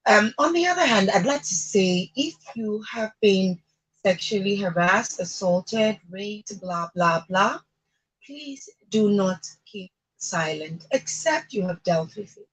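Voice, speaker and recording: Husky Nigerian woman radio host. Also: mid-range voice, expressive, slow pace, rough recording. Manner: earnest, chatty, with fillers and laughs. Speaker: radio talk show host. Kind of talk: casual advice talk.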